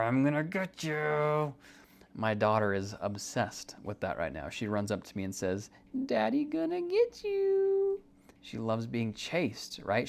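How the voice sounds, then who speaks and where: A young man hosting a self-help podcast, explaining ideas in an earnest, conversational way and repeating key points for emphasis. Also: medium pitch. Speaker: podcast host. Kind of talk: earnest podcast teaching monologue.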